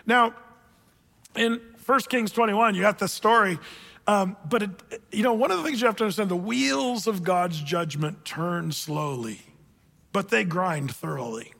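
A man preaching a sermon, retelling a Bible story with animated, joking storytelling. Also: sits high, a little slow, gravelly, in a large hall. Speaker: pastor.

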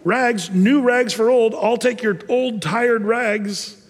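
A gentle, strong young ragman calls softly through the streets, offering new rags for old. A preacher with a high voice puts him on as he reads aloud. The voice carries a long hall reverb. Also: lively intonation, quick pace. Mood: gently calling. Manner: gentle, calling out.

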